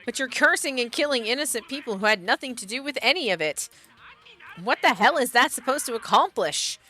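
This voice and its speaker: A woman's voice: a little high, lively intonation, fairly quick, sharp tone, faint music behind. A woman streamer playing a horror game, chatting, reading the on-screen text aloud, and talking back to the characters.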